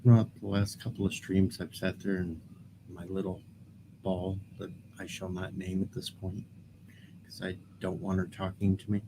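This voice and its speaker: Tired guy, super low and flat voice, quiet, noise in the background on a video call. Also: moderate pace. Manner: quiet, subdued. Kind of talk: casual chat on a video call.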